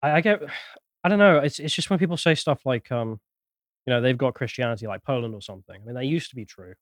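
Brief: male podcast co-host, hesitant restarts, quick delivery. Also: mid-range voice, dry recording, clean studio sound. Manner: hesitant, restarts and trails off quietly. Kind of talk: casual chat.

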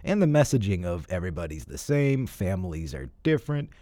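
A man co-hosting a casual film chat, full of wry, sarcastic asides. His voice sits on the low side, and his pitch moves around a lot. The recording is dry, with no room sound. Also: big pitch swings, a little fast, dark tone, no echo. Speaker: podcast co-host. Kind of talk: casual chat recommending films.

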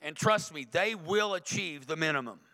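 A man delivers a sermon from a church pulpit, talking with his congregation in an easy, conversational way. His voice sits fairly high for a man and rings bright and forceful. He presses each point by repeating it. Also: animated, normal speed, long reverb tail. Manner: conversational, emphatic preaching with repetition. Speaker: pastor. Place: church sanctuary.

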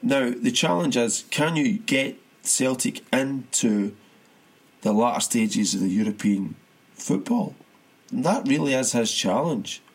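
A man co-hosting a casual football podcast, rambling through his points with restarts and bursts of laughter. His voice is slightly husky and his pitch swings widely as he talks. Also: expressive, a little slow. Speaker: podcast co-host.

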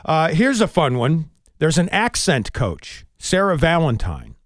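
Male morning radio host, animated newsreader delivery, dry close studio mic. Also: a little high, dry recording. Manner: lively, quick newsreader delivery with chuckles. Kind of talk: radio show banter and sports news reading. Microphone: studio microphone.

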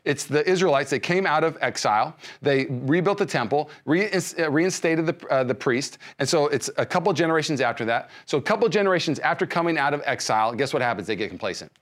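A man preaching a sermon as pastor, swinging between quiet, slow passages and loud, fervent bursts, often repeating words as he restarts. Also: fairly high pitch, expressive.

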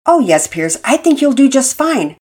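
Woman voicing a gentle, encouraging teaching mother. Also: high voice, sing-song, normal speed, husky, pitched above the performer's own voice, heavily acted. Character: warm, encouraging homeschool mother.

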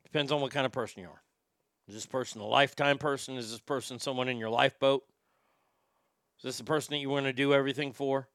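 A man's voice: medium pitch, steady tone, quick pace, a bit bright, no echo, studio quality, lightly acted. A man playing a crude, brash middle-aged radio shock-jock who swears freely and rambles with tobacco in his mouth. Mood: rambling. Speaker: radio host. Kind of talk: comedic radio show monologue.

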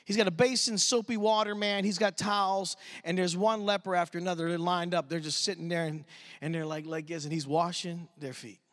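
Man, youth pastor, very high voice, sharp tone, animated church storyteller. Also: brisk. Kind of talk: sermon storytelling. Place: church service.

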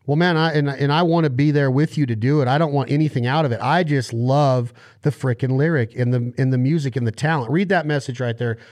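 A man hosting a hunting show and podcast, talking excitedly in casual conversation, rambling with many restarts. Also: medium pitch, brisk, few pauses, dry recording.

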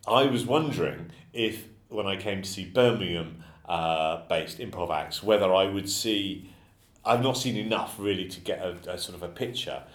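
A man with a very low, deep voice hosts a relaxed podcast. He circles around his questions, pausing and restarting with plenty of ums. The recording has a roomy echo. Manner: hesitant, rambling questions with many fillers. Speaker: podcast host. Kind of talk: casual podcast interview. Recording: echoey room.

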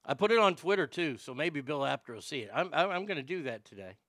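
A man hosting his own podcast, reading listener mail in a profane, excitable, rambling way. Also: on the high side, quick pace, no echo. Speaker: podcast host.

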